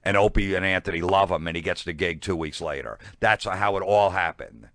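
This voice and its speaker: A middle-aged man with a New York accent tells an old show-business story in a very low voice. He acts out the people in it as he goes. The sound is dry and close to the mic. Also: a little fast, dry recording. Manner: animated anecdote-telling, acts out quoted voices. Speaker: comedian guest. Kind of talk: casual storytelling chat.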